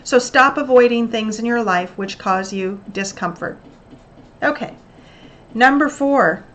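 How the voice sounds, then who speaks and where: A woman's voice: fairly high pitch, a little slow, fairly bright tone, slight background noise. Earnest woman giving self-help tips. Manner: earnest, coaching tone with acted-out examples. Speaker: host. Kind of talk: motivational self-help talk.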